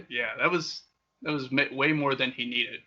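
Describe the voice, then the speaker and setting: A young man hosting a podcast, telling wild stories in a casual, profane, animated way with frequent laughter. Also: mid-range voice, measured pace. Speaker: podcast host. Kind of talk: casual storytelling. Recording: dull lo-fi sound.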